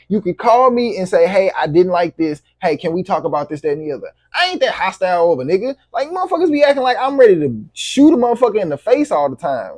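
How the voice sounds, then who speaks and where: Husky man venting, heated and profane. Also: sits high, a little mellow, no room sound, studio quality. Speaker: vlogger. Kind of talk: venting to camera.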